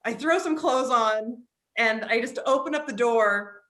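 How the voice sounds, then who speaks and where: Woman, East Coast US upbringing, interview guest. Bright, lively storytelling, heavy filler words, recorded in an echoey room. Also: a little high, a little slow. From East Coast of the United States. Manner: animated, frequent "like" fillers. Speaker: author and psychologist, interview guest.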